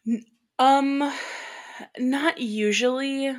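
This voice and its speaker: A woman's voice: high voice, steady tone, very slow. A young adult woman co-hosting a podcast in casual chat, talkative and emotional, laughing easily. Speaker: podcast co-host.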